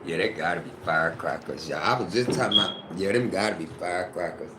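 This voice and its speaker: A man's voice: low voice, quick pace. A man hosting a casual livestream from his kitchen. He rambles loosely, swears freely and talks straight to his chat. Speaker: livestream host. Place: home kitchen. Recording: echoey room with background noise.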